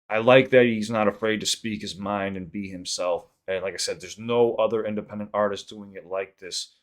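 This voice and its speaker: Reaction-channel host, male, slightly low voice; loose, sweary, heartfelt rambling with restarts. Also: a bit bright. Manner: rambling and earnest, swears freely, stumbles and repeats words. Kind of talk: casual reaction vlog talk.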